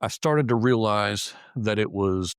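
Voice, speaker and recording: A lower-voiced man tells his story as a guest in a casual interview. He swears freely and stumbles over repeated words and restarts. The sound is close and dry. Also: animated, unhurried, clean tone, no echo. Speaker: interview guest, law enforcement officer.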